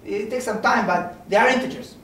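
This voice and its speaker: A man's voice: high-pitched, fairly quick, fairly bright tone, slight background noise. A man giving an informal mathematics seminar lecture, talking conversationally and often checking in with "okay?" and "right?". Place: lecture room. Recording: very echoey room from a distance.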